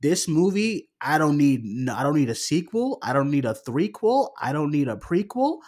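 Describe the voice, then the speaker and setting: A man's voice: fairly high pitch, very animated, normal speed, a little mellow. A man in a casual movie review chat, baffled and swearing, often saying "dude" and "man".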